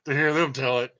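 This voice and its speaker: A man's voice: medium pitch, sharp tone, dull audio. A man hosting his own channel, rambling and joking through a casual livestream monologue and laughing often. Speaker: channel host.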